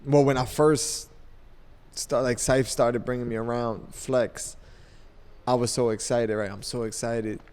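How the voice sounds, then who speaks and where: A man's voice: mid-range voice, unhurried, smooth. Storytelling man in an echoing room. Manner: animated, loose storyteller with many fillers. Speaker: podcast guest, radio DJ. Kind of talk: casual storytelling chat. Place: podcast studio.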